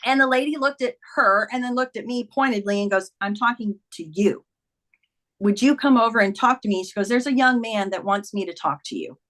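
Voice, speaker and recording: A middle-aged woman with a fairly high voice tells a personal story in an interview. She is earnest and animated, and she acts out the lines of the people in her story as she goes. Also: fast, few pauses. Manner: earnest, animated retelling with quoted dialogue. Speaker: guest, memoir author. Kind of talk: conversational storytelling.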